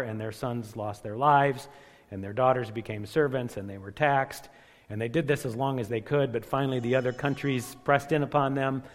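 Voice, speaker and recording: Preacher man in an echoing hall. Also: mid-range voice. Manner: builds to loud emphatic peaks, slows on key phrases. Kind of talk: sermon. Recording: long echoing reverb of a large hall.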